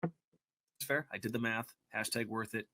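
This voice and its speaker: A man rambles through a jokey self-introduction, laughing at himself and tossing in swear words. His voice is low-pitched with a sharp, bright edge. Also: a little slow. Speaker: person in an archived video clip.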